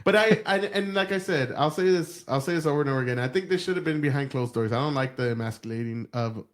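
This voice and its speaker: A man's voice: fairly high pitch, fast. A man co-hosting a podcast, chatting casually and profanely about politics and acting out quotes with animation. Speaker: podcast co-host.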